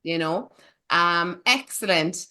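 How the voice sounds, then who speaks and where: A woman's voice: fairly low pitch, expressive, slow pace, sharp tone. A woman hosting a casual film podcast, playful and teasing, with theatrical asides. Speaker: podcast host.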